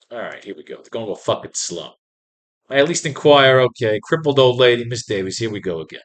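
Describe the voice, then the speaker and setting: A man's voice: mid-range voice, animated, fast. A man hosting a writing class, reading comics aloud and ranting at them with crude, exasperated commentary. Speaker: host.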